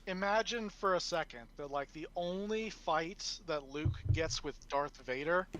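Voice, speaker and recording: A man co-hosting a podcast in casual chat, speaking haltingly as he searches for words. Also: a little high, noisy background. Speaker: podcast co-host.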